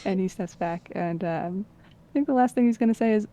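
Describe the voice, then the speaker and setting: A woman's voice: mid-range voice, animated, measured pace, dark tone. A woman player in a tabletop role-playing game, describing her character's actions in a casual, chatty way. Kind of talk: tabletop role-play narration.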